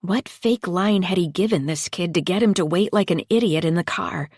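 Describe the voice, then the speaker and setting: A woman narrating a first-person psychological thriller audiobook in a measured, deliberate reading. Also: on the low side, a little mellow, husky, no echo, clean studio sound. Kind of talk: scripted narration.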